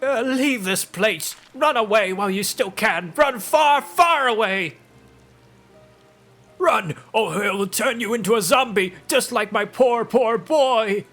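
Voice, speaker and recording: A man voicing an old peasant woman who grieves for her son, shrill and scolding, barking "eh?" at the end of lines while reading game dialogue aloud. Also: slow, a bit bright, faint music behind. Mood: frantic warning. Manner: shrill, scolding, ends lines with a barked 'eh?'.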